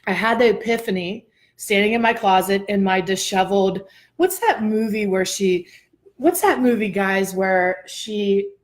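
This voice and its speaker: Animated woman host telling a story. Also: medium pitch, measured pace. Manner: animated, expressive, laughs often. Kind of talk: casual storytelling chat.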